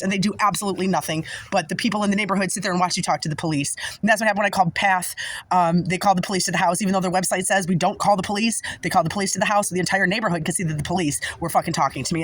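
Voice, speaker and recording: A woman's voice: mid-range voice, a bit bright, slight background noise, rough recording. A woman telling a personal story in casual monologue, agitated and emphatic, swearing often.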